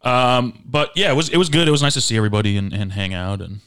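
A young man co-hosting a podcast, chatting in a laid-back, slangy way with lots of drawn-out fillers. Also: mid-range voice, fairly even intonation, fairly bright tone, smooth. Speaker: podcast co-host. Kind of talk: casual chat.

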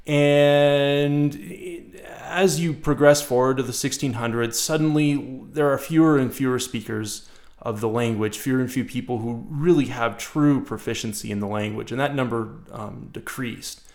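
Male professor, halting and repetitive. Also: mid-range voice, fairly even intonation, darkish tone. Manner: halting, with frequent repeated words and restarts. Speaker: Latin professor. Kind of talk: casual interview answers.

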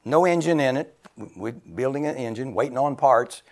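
A man in his seventies preaching a sermon, exclaiming loudly, laughing between phrases and dropping to a near whisper for emphasis. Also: medium pitch, lively intonation, normal speed. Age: 70s.

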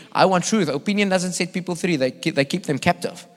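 Earnest evangelist preaching. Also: male voice, sits high, brisk, few pauses. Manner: earnest, emphatic, with repeated restarts. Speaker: visiting evangelist. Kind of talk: sermon with personal testimony. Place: church hall. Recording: echoey hall.

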